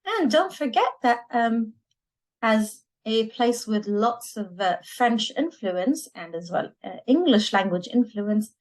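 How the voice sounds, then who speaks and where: A woman from Lebanon teaching a language lesson, slowly repeating each word so learners can copy it. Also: a little high, expressive, low-quality recording. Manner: slow, deliberate, repeats words for learners to copy.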